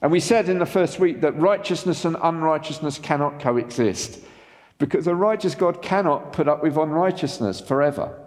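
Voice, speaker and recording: A man preaching a sermon as pastor, animated and asking the congregation rhetorical questions. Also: a little high, moderate pace, in a large hall.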